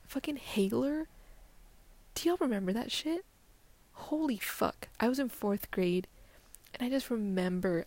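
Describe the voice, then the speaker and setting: A woman's voice: on the high side, animated, a little slow, long pauses, a little mellow, dry recording. A young woman hosting her own solo podcast, rambling casually with lots of fillers and swearing, often dropping to a near-whisper. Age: young adult. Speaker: podcast host.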